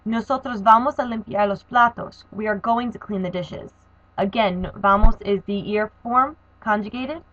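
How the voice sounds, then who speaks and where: Speaking at normal speed, a woman who teaches Spanish explains a grammar lesson step by step and spells word endings letter by letter. Her pitch is middling and a bit bright, while the audio is dull and lo-fi, with a dry, close sound and no echo.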